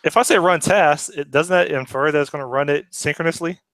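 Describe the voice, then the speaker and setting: A man's voice: a little high, fairly quick, fairly bright tone, no room sound. A man chatting casually while programming, thinking aloud and asking questions as he works. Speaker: programmer sharing his screen. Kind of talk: casual pair-programming chat.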